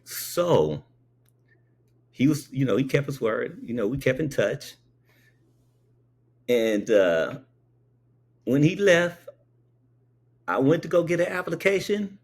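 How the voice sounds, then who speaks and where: A man's voice: medium pitch, very animated, takes it slowly, long pauses, darkish tone, slightly rough. A man telling a personal story in a conversational way, often checking in with the listener.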